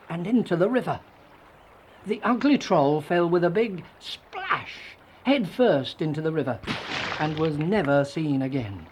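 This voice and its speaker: A reader narrating a children's fairy tale in a gentle, storybook telling. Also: mid-range voice, a little hiss or hum.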